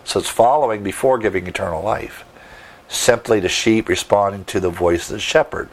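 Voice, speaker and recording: A man's voice: fairly low pitch, normal speed. A man preaching a sermon, teaching verse by verse with emphatic asides and rhetorical questions. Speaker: pastor.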